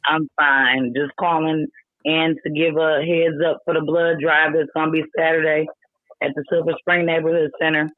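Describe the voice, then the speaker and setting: A woman's voice: low voice, flat delivery, moderate pace, dry recording. A woman with a Milwaukee accent calls in to a radio show and speaks earnestly, pleading and plainly frustrated. She comes through a thin, tinny phone line with a dry, close sound. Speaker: caller.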